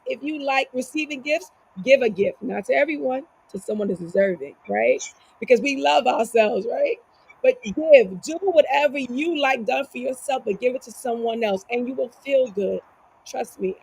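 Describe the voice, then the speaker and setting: Female life coach guest, earnest and motivational, slightly high, gravelly delivery. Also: rough recording. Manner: earnest, motivational, asks herself rhetorical questions. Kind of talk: casual conversation.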